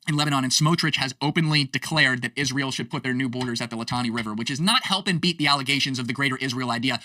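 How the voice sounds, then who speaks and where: Fast, bright, sarcastic male streamer. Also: mid-range voice, no echo, far from the mic. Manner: sarcastic, exasperated, rapid asides. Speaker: streamer and commentator. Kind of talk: casual political commentary.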